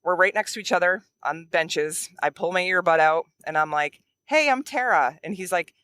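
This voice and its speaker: A woman's voice: fairly low pitch, normal speed, no room sound. A woman guest telling a story in casual chat, acting out the quotes, while she drives a car. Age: adult. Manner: animated, acts out quotes. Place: in a moving car.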